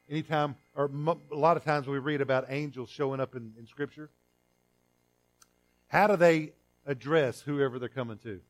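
A middle-aged man preaching a sermon as pastor, in a conversational way with restarts and repeated words, swinging between loud emphatic lines and quiet drawn-out phrases. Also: on the high side.

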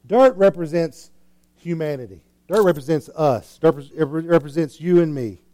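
A man preaching a sermon, retelling a scripture story with lively acted-out scenes and big swings between soft and loud. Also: a little high, moderate pace. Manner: animated storytelling, acting out scenes with swings in loudness.

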